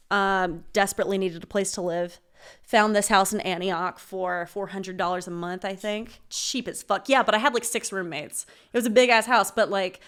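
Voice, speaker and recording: A young woman in her twenties sits in as a podcast guest and tells a story in a casual, animated way. She swears freely and laughs along with herself. Her pitch sits in the middle range for a woman. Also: clear, resonant tone.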